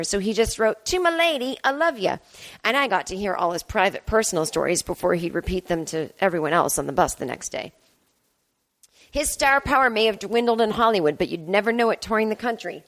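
A woman in her fifties narrates a personal story in a candid, wry way. Her pitch sits in the middle range for a woman. She talks as a podcast host, recorded at home. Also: fairly bright tone.

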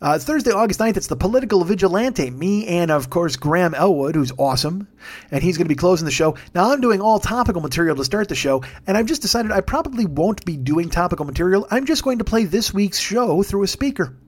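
A man's voice: sits high, lively intonation, fast. A man hosting his podcast late at night, a tired, yawning stand-up comedian rambling through show plugs with lots of swearing and self-mocking jokes. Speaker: podcast host.

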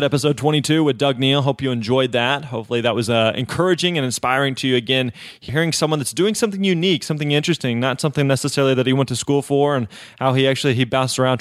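A man's voice: medium pitch, no echo. Upbeat man hosting a podcast, dry sound. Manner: upbeat, encouraging, conversational with frequent fillers. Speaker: podcast host. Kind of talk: casual podcast wrap-up.

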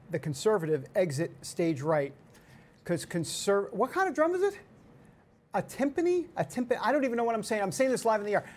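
A man's voice: high-pitched, slight background noise. Joking, rambling male talk-show host. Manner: joking, laughs often, rambling asides. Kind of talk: casual news chat.

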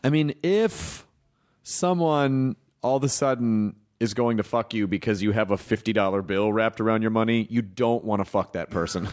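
A man's voice: lowish voice, moderate pace, darkish tone. A man in his thirties hosting a podcast, joking crudely through a loose, casual chat. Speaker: podcast host. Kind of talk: casual comedic interview chat.

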